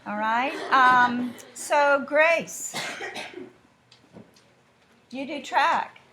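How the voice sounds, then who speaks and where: A woman teaches a class in a slightly high voice. She talks in a chatty way and acts out little exchanges to make her point. Faint classroom ambience sits behind her. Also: background noise. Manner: chatty, with drawn-out asides and mimicked dialogue. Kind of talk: classroom lesson.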